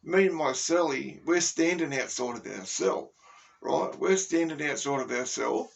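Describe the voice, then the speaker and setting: Australian man, gravelly voice, slightly high pitch, rambling casual storytelling, swears a lot. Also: expressive, unhurried. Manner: rambling, profane, full of "you know what I mean" and "right". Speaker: former inmate storyteller.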